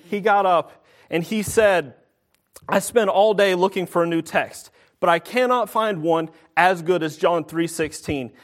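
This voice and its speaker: A young man preaching a sermon, earnest and slowing down to stress each verse. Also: high voice. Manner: earnest, slows to stress scripture.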